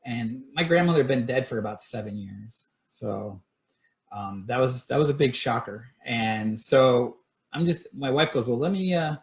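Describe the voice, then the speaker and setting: A man's voice: medium pitch, a little slow. A middle-aged man telling his paranormal stories casually on a live stream, rambling with many fillers and restarts. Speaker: paranormal investigator sharing stories.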